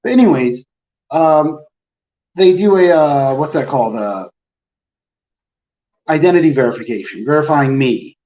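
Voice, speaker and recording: A man's voice: fairly high pitch, lively intonation, unhurried, long pauses, warm tone. A man telling a long, exasperated story in casual chat, acting out everyone in it. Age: adult, with a phone plan since the early 2000s. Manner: rambling, exasperated, quotes people in his story. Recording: roomy, distant, dull lo-fi sound.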